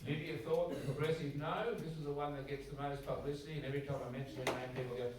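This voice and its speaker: A man's voice: on the high side, steady tone, fast. An Australian man giving a conversational public talk as an Anglican priest to a church audience, acting out bits of dialogue in shifting voices. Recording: very echoey hall, distant mic, faint noise.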